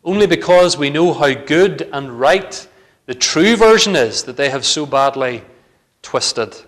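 A man's voice: a little high, animated, measured pace, fairly bright tone. A man preaching a sermon in a church, earnest and building to fervent emphasis.

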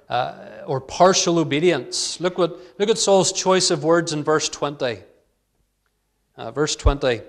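A man preaching an earnest expository sermon, reading scripture aloud and voicing its dialogue with rising emphasis. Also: on the high side.

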